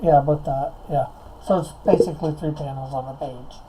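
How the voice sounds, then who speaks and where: A man's voice: on the high side, brisk, background noise. A man on a remote call in a casual live stream, reading out his story notes hesitantly and chatting. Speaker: comic writer.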